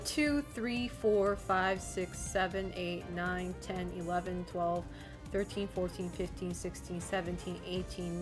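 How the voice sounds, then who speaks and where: A woman's voice: medium pitch, pushed and bright. A woman streaming live, chatting casually with her viewers, giggling often and swearing now and then. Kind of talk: casual livestream chat.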